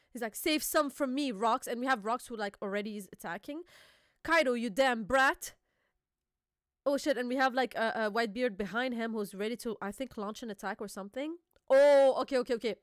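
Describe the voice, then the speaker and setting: A woman hosting a casual reaction chat, excitable, swearing freely and laughing often. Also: a little high, fast, no room sound, clean studio sound. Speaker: host.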